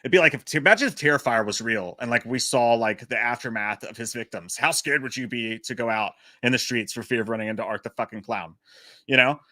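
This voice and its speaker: A man hosting a live chat about a movie, animated and profane, joking at his own expense. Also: mid-range voice, a little fast, no echo, clean studio sound. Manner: animated, profane, self-mocking jokes. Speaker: livestream host.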